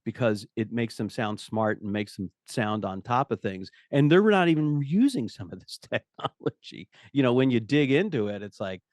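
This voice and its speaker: A middle-aged man speaks as a podcast guest at an ordinary pitch, his voice close and dry with no room sound. He tells stories with energy and slips into the voices of the people he quotes. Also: moderate pace, few pauses, dry recording. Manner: animated storyteller, acts out quotes. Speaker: guest, company CEO. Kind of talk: conversational podcast interview.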